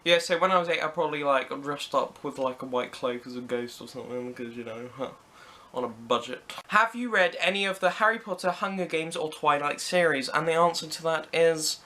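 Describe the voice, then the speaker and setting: A man's voice: on the high side, a little fast, sharp tone, slight background noise. A British teenage boy answering random questions to camera in a chatty, playful way with jokey asides. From Britain. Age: teens. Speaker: vlogger. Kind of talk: casual Q&A to camera.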